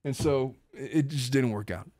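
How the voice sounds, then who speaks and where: A man who is a lawyer, hosting a casual podcast and telling stories in an animated, wry way. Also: medium pitch, moderate pace, dry recording.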